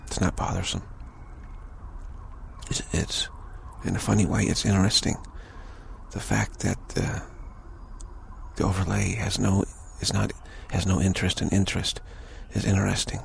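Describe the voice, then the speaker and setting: A man giving a slow, contemplative spiritual talk, halting and repeating words, his voice rough with early morning. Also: deep voice, little pitch movement, slight background noise. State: early morning voice, clearing throat. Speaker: spiritual teacher.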